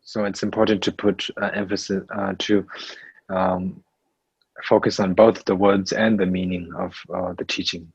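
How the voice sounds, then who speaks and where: Slow, halting man teaching Buddhism. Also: low voice, flat delivery, gravelly, breathy edge, dry recording, lo-fi sound. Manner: slow, halting, with many fillers and restarts. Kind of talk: Dharma teaching in English.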